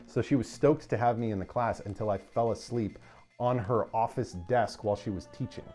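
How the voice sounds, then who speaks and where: A man's voice: mid-range voice, fairly even intonation, fairly quick, a little mellow. A man streaming a game speedrun, chatting casually and telling rambling, self-deprecating stories full of fillers. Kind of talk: casual chat during a livestream.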